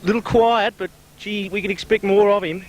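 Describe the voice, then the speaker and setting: A man's voice: high-pitched, steady tone, moderate pace, low-quality recording. A man doing an impression of a gushing, famous TV football commentator, a bit out of breath. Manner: gushing, effusive praise. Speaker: guest commentator. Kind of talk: comic sports commentary.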